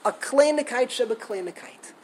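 A woman giving a storytelling Torah lesson, animated, acting out quotes and laughing as she tells it. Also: a little high, moderate pace, a little hiss or hum, rough recording. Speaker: Torah teacher.

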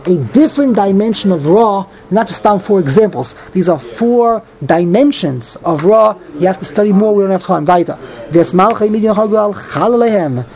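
A man giving a Talmud class, reading Hebrew phrases and explaining them quickly in English with many restarts. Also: high-pitched, animated, a little mellow, rough recording. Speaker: Talmud teacher.

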